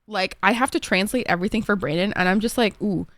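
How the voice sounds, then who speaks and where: Young woman streamer, Egyptian accent, animated casual chatter, dry close mic. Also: mid-range voice, fast talker, dry recording. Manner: chatty, animated, laughs easily, bursts into song. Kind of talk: casual chat with viewers.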